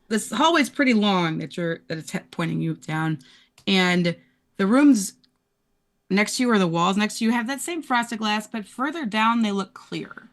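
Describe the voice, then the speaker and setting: A woman's voice: mid-range voice, lively intonation, moderate pace. A woman running an improvised horror tabletop game as game master, describing scenes in a loose, casual way full of filler words.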